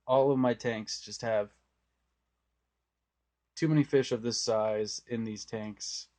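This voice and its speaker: A man's voice: mid-range voice, warm tone. A young man giving a casual, rambling tour of his home aquariums while filming on a phone. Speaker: aquarium hobbyist vlogger. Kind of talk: casual tank tour walkthrough. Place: indoor home room full of aquariums. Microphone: phone camera held by the speaker.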